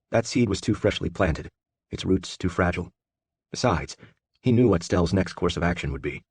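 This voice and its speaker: A male audiobook narrator reads in a steady, measured storytelling voice. His voice is deep with a husky edge. The booth recording is close and dry. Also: no room sound. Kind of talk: scripted narration.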